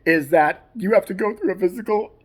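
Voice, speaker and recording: A woman's voice: medium pitch, a little fast, natural voice. A woman putting on a whiny, self-pitying grown man in a sarcastic, mocking impression.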